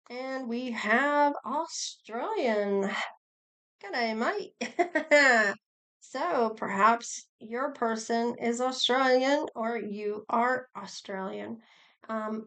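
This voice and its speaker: A middle-aged woman giving a casual tarot reading, chatty and rambling, with sighs and small laughs. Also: a little high. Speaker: tarot reader.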